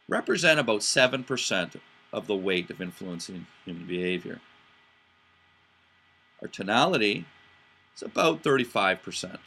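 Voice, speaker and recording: A man's voice: lowish voice, pushed and bright. A man hosting a podcast in a casual explanatory talk. He speaks with animation, stumbles into restarts, and acts out voices and inflections to make his points. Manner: frequent fillers and restarts. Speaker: podcast host.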